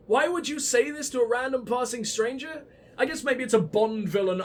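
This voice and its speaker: A man's voice: very high voice, expressive, normal speed. A man commentating a video game playthrough, sarcastic and profane, mocking the characters on screen. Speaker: let's play host. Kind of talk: gaming commentary.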